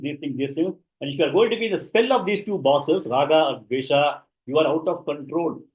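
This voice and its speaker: A man's voice: on the high side, dull audio. A man teaching a class online, explaining each verse and chanting it for students to repeat. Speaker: shloka teacher.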